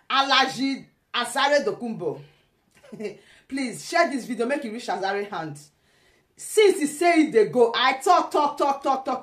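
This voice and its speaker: A woman's voice: sits high, roomy sound. A woman with a Nigerian accent giving teasing, laughing commentary in casual pidgin.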